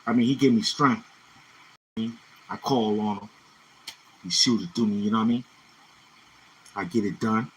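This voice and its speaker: A Brooklyn, New York City man hosting a casual livestream chats between freestyle rhymes, dropping "you know what I'm saying" after his lines. His fairly low voice keeps a steady tone and moderate pace with long pauses, on a rough recording with a little hiss or hum.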